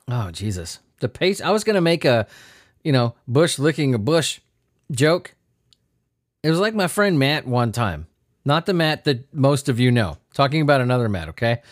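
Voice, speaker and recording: A man's voice: medium pitch, dry recording, clean studio sound. A man hosting a comedy news podcast, riffing on odd stories in a sarcastic, profane way. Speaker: podcast host.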